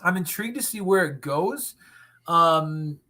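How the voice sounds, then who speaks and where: A man's voice: a little high, animated, measured pace, bright, forceful tone. A man co-hosting a wrestling recap show in casual chat, talking enthusiastically and rambling with frequent restarts.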